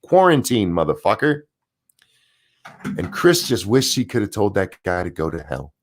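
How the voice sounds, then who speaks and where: A man's voice: low-pitched, animated, moderate pace, slight background noise. A man hosting a live stream, reading news articles aloud and ranting about them with sarcasm and profanity.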